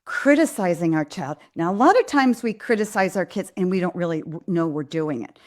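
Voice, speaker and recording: Speaking fairly quickly and with animation, this middle-aged woman has a fairly low, darkish voice. She's a pediatrician running a live Q&A on parenting, addressing parents earnestly and directly while voicing what parents and children say in quoted lines.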